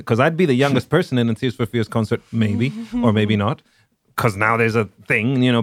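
Guy rambling on a podcast, lots of ums, mid pitch, dry close sound. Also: no room sound. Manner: rambling, full of fillers and restarts. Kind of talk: casual chat.

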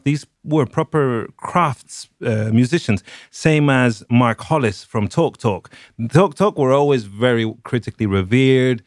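A man's voice: medium pitch, a little slow, no room sound, clean studio sound. Rambling, enthusiastic podcast man. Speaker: podcast host. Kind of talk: casual chat.

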